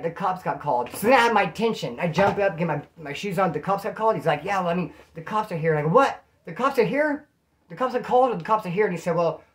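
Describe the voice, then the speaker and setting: A man telling stories to the camera in a casual, slangy way, acting out quotes in a raised voice. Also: a little high. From California. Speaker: storyteller.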